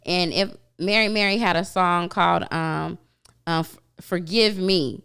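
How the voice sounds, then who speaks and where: A woman's voice: lowish voice, steady tone, unhurried, gravelly, smooth. A woman hosting a faith-based talk show, affirming her guest and steering the conversation. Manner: warm affirming listener, supportive.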